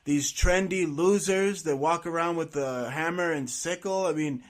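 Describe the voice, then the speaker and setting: A man hosting a casual conversation, agreeing emphatically and filling pauses with "uh". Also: a little high. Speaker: talk show host. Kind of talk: casual radio-style conversation.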